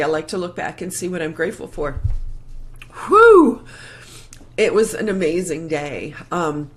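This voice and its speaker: A woman hosting a live morning show, talking in a casual, emotional, heartfelt way with many restarts into a plug-in microphone. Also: sits low. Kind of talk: casual live-stream chat.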